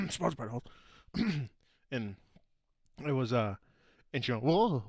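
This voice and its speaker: A man's voice: medium pitch, very animated, drawn-out words, a bit bright, slightly rough, no room sound. Guy on a podcast telling a story, keeps restarting and cracking up, dry close mic. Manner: rambling storyteller, laughs often, trails off mid-sentence. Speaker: podcast co-host. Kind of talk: casual chat.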